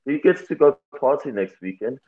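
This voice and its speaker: Fighter guy, candid, tinny phone-ish sound, middle pitch. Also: sing-song, moderate pace, mellow. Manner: candid, reflective, laughs easily. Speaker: MMA fighter, guest. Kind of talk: casual interview talk.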